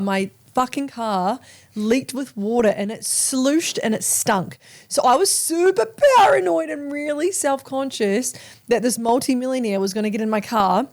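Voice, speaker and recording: A woman's voice: a little high, a little mellow. A woman in her thirties with an Australian accent, hosting a podcast and telling a story in casual chat, swearing freely and acting out the voices of people she quotes. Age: 30s. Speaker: podcast host.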